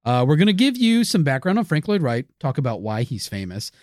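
Joking man with a lively voice. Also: fairly high pitch, a little fast, no room sound, clean studio sound. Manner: joking, crude, reads notes with many fillers. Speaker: podcast co-host. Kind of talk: comedic history podcast chat.

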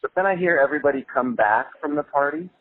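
Lively man telling a story over a tinny line. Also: on the high side, quick pace, no echo. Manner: animated, laughs while telling, swears freely. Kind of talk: casual storytelling. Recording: tinny phone-like sound with faint music.

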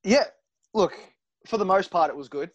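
A man who wrestles for a living recounts his matches in a relaxed interview, cursing easily and playing out the quoted dialogue. His voice sits a little high. The sound is dry and dull, with a lo-fi edge. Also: moderate pace, no room sound. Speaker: professional wrestler guest. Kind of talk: casual interview storytelling. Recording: dull lo-fi recording.

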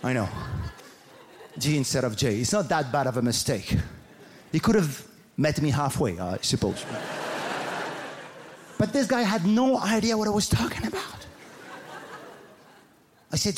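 A man with a French accent, a native French speaker, performing an animated, playful, self-mocking stand-up routine on a comedy stage. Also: a little high, measured pace, pauses often. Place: comedy stage before a live audience. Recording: live show with audience noise.

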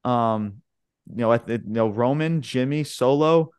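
A man co-hosting a podcast in casual chat, excitably retelling events in a rambling way, swearing often and calling listeners "bro" and "man". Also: mid-range voice, unhurried, clean tone, no room sound. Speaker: podcast co-host.

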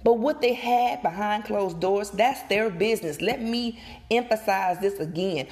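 Woman, vlogger, outdoors, casual commentary, emphatic, animated, middle pitch. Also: measured pace. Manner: emphatic, animated, repeats and addresses viewers directly. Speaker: gossip vlogger. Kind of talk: casual opinion commentary to viewers.

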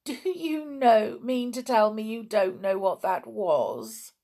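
A woman voicing a kindly grown man who explains things gently and patiently. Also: on the high side, lively intonation, slow pace, pitched above the performer's own voice. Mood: amused.

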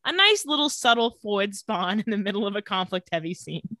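A young woman co-hosting a podcast, casually recapping a TV episode and acting out the characters' lines in animated storytelling. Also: medium pitch, fairly quick, no echo, studio quality. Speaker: podcast co-host.

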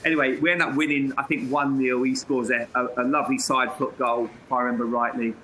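A man, a former footballer, telling lively anecdotes as an interview guest, laughing and acting out quotes. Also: mid-range voice, fast, a little hiss or hum, poor audio. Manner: lively, laughs mid-story, acts out quotes.

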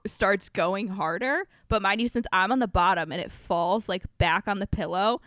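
A woman's voice: medium pitch, normal speed, a bit bright, no echo, clean studio sound. A young woman casually chatting, telling a candid story between frequent giggles.

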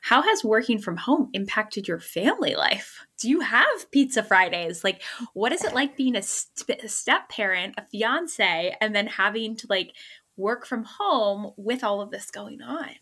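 Lively, bright-voiced woman podcast host. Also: medium pitch, unhurried, husky. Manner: warmly curious, fond of "like". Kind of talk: casual interview chat.

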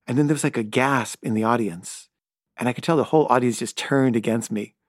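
A middle-aged man tells a story off the cuff at an ordinary, mid-range pitch. His talk wanders, packed with "like" and "kinda", and he stumbles over his own words when flustered. The sound is close and dry, with no room around it. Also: brisk, dry recording. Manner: loose and rambling, full of "like" and "kinda"; stammers and repeats himself when flustered. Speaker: filmmaker. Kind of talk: casual spoken anecdote.

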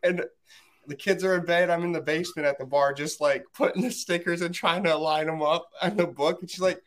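A man's voice: a little high, steady tone, a little fast, a bit bright. A man chatting casually, laughing often and telling light stories about his wife. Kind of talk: casual chat.

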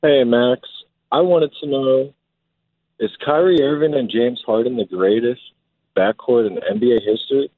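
A man's voice: mid-range voice, normal speed, no room sound. A man from Virginia calling a sports radio show, asking a brief, direct question. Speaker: caller. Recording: dry tinny phone line.

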